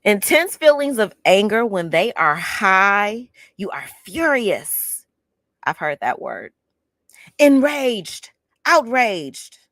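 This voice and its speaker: A woman reads from a self-help book, dropping sassy, chatty asides as she goes. Her voice sits a little low yet swings up and down a lot. It is recorded close and dry, with no room sound. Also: fairly bright tone, no echo. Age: 50s. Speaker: book club host reading aloud. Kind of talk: casual reading with commentary.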